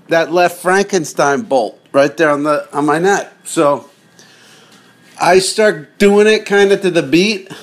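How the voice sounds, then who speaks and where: A man's voice: fairly high pitch, fairly bright tone. A man hosting a podcast, talking in a chatty, digressive way and often cutting himself off while he sits in a car. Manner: chatty, digressive, self-interrupting. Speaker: podcast host. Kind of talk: casual rambling monologue.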